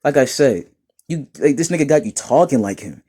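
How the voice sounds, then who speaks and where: Young dude from new york roasting comments, laughs a lot, kinda husky. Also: male voice, medium pitch, a little fast. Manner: laughing, mocking, animated rants. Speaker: YouTuber reading comments. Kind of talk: casual commentary reading comments.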